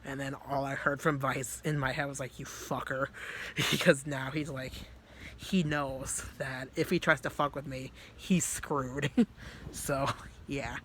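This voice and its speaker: Man, vlogger, casual swearing, filler-heavy rambling, average pitch, soft delivery. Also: steady tone, a little slow, slight background noise. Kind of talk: casual storytelling to camera.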